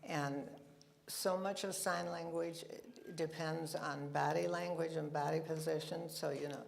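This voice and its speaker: A woman's voice: low-pitched, creaky. A woman giving a chatty, anecdotal talk to a church congregation, with asides and laughter, in a meeting room with a live audience. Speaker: guest speaker at a church service.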